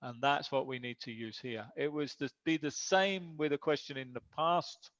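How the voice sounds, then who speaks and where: A man's voice: mid-range voice, moderate pace, a bit bright, no room sound. A man giving an online English lesson, explaining grammar patiently step by step. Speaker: English teacher. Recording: dull lo-fi sound.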